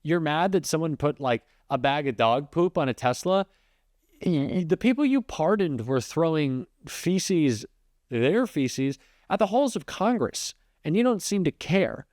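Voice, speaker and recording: A man's voice: on the high side, expressive, darkish tone. A male political commentator reacts in an unscripted, conversational way. He restarts his sentences often and leans on fillers. The sound is dry and close, with no room echo. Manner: fast, loose, with frequent restarts and fillers.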